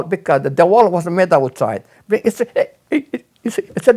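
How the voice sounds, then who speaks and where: Older man, gravelly and lively, rambling interview memories. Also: sits high, normal speed, hardly any pauses. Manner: rambling, repeats words, animated when quoting others. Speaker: interviewee telling his life story. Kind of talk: casual storytelling.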